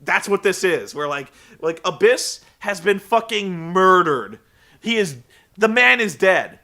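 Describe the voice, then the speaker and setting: A man casually recapping a wrestling show, rambling and profane, telling the story with animated energy. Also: sits high, measured pace.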